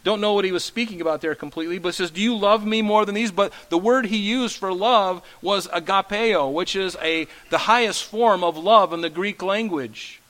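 Higher-voiced conversational male preacher. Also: normal speed, few pauses, a bit bright, low-quality recording. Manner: conversational, asks the congregation questions. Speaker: pastor. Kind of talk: expository sermon.

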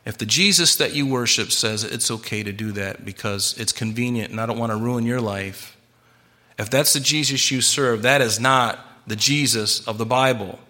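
Man, pastor, preaching, bright forceful tone, earnest, emphatic, repeats himself. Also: mid-range voice, normal speed. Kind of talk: sermon.

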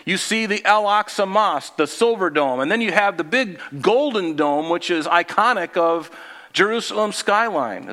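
The sermon comes from a male pastor speaking in an easy, conversational manner. He asks the congregation questions and becomes low and hushed to emphasize things.

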